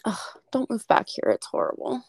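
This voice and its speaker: A young woman co-hosting a podcast over a remote call, animated and swearing freely in casual chat. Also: normal speed, no echo. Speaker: podcast co-host.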